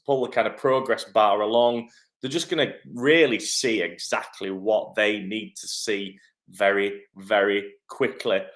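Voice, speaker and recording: A man, an acting coach running a live-stream Q&A from his home kitchen, chatty and upbeat with lots of ums. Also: fairly low pitch. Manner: chatty and upbeat, many "um" fillers. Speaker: acting coach and agency head.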